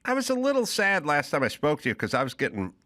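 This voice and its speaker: Man host asking gentle questions. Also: a little high, wildly swooping pitch, fast talker, no room sound, clean studio sound. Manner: gentle, probing questions with short listening replies. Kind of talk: interview.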